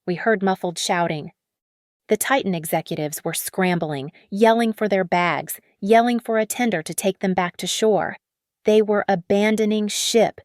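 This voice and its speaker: A woman's voice: mid-range voice, normal speed, dry recording, clean studio sound. A woman reading a dramatic revenge story as scripted narration.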